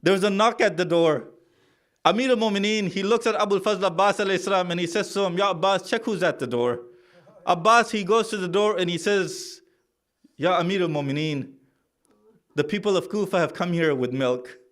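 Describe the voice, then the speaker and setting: A man reciting a mourning sermon, telling the story in a pleading, tearful way that climbs to a loud cry. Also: sits high, fairly quick. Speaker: speaker narrating a martyrdom account. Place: mosque hall.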